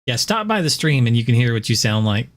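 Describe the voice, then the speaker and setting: A man's voice: mid-range voice, sing-song, fairly quick. A man streaming and chatting casually, joking and laughing often. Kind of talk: casual chat.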